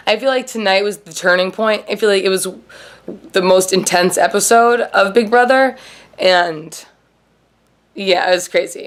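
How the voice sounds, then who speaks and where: A woman's voice: mid-range voice, fairly even intonation, moderate pace. A woman hosting a casual TV recap vlog, rambling and swearing freely, with "like" in nearly every sentence. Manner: rambling, profane, heavy on "like". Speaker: show host.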